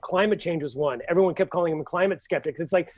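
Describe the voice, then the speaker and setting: High-voiced ranting man, husky edge. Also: fast talker, dry recording, rough recording. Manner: emphatic, ranting, exasperated. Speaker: comedian panelist. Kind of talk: casual panel chat.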